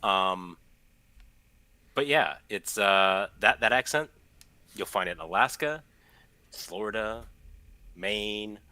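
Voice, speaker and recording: A man with a low voice and a bright, sharp edge makes dry, wry jokes as a podcast guest. His voice is recorded dry and close, with no room sound behind it. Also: takes it slowly, long pauses, clean tone, no echo. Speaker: guest co-host. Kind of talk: casual podcast chat.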